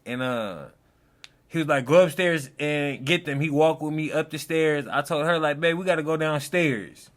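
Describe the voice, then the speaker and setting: A man's voice: fairly high pitch, normal speed, a bit bright. A young man hosting a casual reaction chat, telling a story in loose slang and acting out the quotes. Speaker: host.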